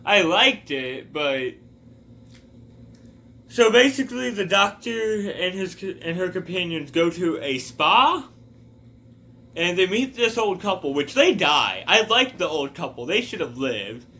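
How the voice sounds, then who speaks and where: Guy rambling through a show review, bright voice, bit higher pitched, goes off on tangents. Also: sing-song, a little slow. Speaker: video reviewer. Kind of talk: casual review chat.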